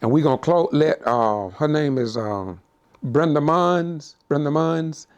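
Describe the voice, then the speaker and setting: A man's voice: a little high, animated, measured pace, clear, resonant tone, dull audio. A man commenting on a video clip as an online news reporter, folksy and preacher-like, quoting scripture. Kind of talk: casual commentary.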